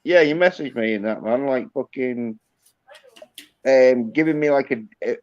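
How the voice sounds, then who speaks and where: A man's voice: mid-range voice, normal speed, a little mellow, lo-fi sound. An Englishman with a Yorkshire accent chatting casually as a channel host, laid-back, swearing freely and repeating "yeah, yeah". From England. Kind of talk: casual chat on a stream.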